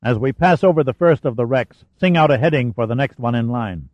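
A man's voice: mid-range voice, a little fast, no room sound, close to an everyday voice. Man voicing a ship's commander, authoritative, clipped orders, audiobook, dull dry recording. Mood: commanding.

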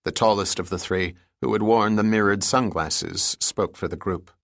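A man reading a thriller audiobook in a steady, even manner. His voice sits on the low side. The sound is close and dry. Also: normal speed, vocal fry, dry recording. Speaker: audiobook narrator. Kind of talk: scripted thriller narration.

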